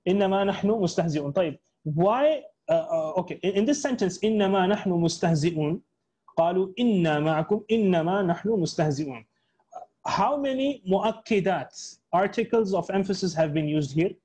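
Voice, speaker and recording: A man with a high voice teaches a tafsir class online. He works through Arabic terms slowly, with frequent fillers, and corrects himself mid-sentence. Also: animated, darkish tone, slightly rough, rough recording. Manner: explains slowly, mixing Arabic terms into English, many fillers and self-corrections.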